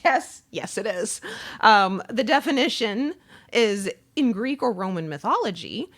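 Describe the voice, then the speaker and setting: Lively, chatty woman hosting a podcast. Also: mid-range voice, unhurried. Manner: chatty, laughs often, lively delivery. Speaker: podcast host. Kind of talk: casual chat.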